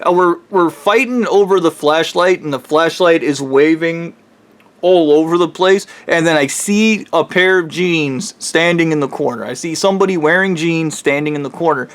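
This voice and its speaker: A man's voice: on the high side, moderate pace. A man telling a true spooky story in a casual, rambling way, swearing and correcting himself as he goes.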